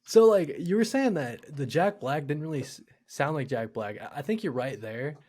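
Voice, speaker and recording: A young man co-hosting a podcast, talking casually and excitedly, saying "dude" often and swearing now and then. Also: a little high, normal speed, husky. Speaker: podcast co-host. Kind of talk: casual chat.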